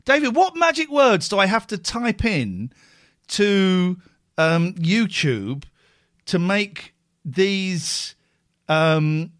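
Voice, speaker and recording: A man hosting a live call-in show, rambling and jokey in quick bursts. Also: sits high, sing-song, a bit bright, dry recording. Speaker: show host. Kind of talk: casual live show chat.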